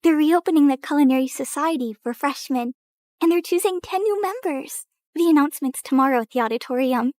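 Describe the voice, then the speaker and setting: A woman voicing an eager, bubbly teenage schoolgirl in an animated story. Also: high-pitched, a little fast, no echo, studio quality, pitched above the performer's own voice, close to an everyday voice.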